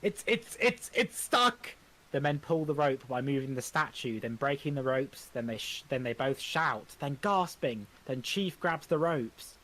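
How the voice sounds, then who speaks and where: This is a man narrating the stage directions of a script in a plain, everyday voice. His reading is halting, with frequent stumbles and restarts. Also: mid-range voice, a bit bright.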